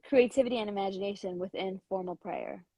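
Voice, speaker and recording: Woman with a rough morning voice. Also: mid-range voice, mellow, no room sound. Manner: hesitant with many fillers, slow deliberate listing. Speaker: educator and author, guest. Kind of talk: casual video-call interview.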